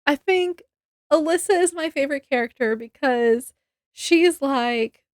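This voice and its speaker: A woman's voice: sits high, measured pace, no room sound, studio quality. A young woman reviewing a book in a casual chat, rambling and correcting herself, with frequent giggles.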